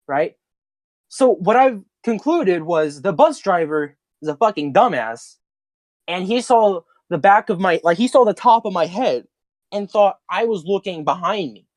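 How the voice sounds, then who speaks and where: A young man, a podcast co-host, telling childhood stories in a casual, animated, profane way and laughing mid-story. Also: sits high, dry recording.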